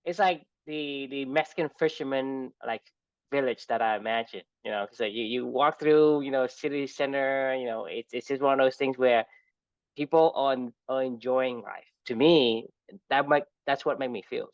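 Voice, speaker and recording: A man from Vietnam co-hosting a podcast, speaking in halting, reflective casual chat that often restarts. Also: mid-range voice, no room sound, lo-fi sound. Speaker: podcast co-host.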